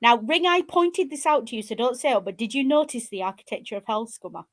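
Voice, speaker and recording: A woman, co-hosting a casual podcast chat in a blunt, animated, sweary way. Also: fairly high pitch, fast. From northern England. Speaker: podcast co-host.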